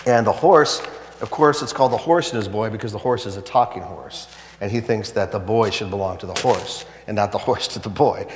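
A man preaching a sermon, telling a story in a conversational, animated way and reading a passage aloud. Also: on the low side, slight background noise. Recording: echoey hall.

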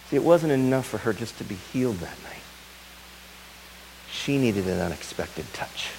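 A man pastor preaching a sermon, dramatic, swinging from loud urgency to a soft tender hush. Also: mid-range voice, very animated, normal speed, vocal fry, slight background noise, poor audio.

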